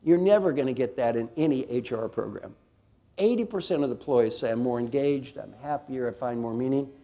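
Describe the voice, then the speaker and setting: A man speaking from a conference stage with a mellow, relaxed tone. He drives his points home with repeated questions to the crowd, then eases into a slow, quiet guided reflection. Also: mid-range voice. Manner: energetic and emphatic, asks the audience questions; slows and drops softly for a guided reflection. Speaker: speaker giving a talk on coaching. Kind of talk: motivational keynote talk. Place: conference hall before a live audience.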